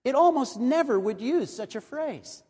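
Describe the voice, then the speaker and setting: A man preaching a sermon in a measured, earnest way, reading and explaining scripture. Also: very high-pitched, lively intonation, dark tone, husky. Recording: long hall reverb.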